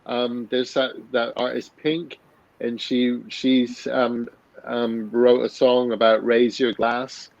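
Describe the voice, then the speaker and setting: A man's voice: medium pitch, level tone, slow, vocal fry, a little mellow, no room sound, lo-fi sound. A man in his fifties, a guest telling a personal story in a blunt, candid way, swearing freely and often restarting his sentences. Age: 50s.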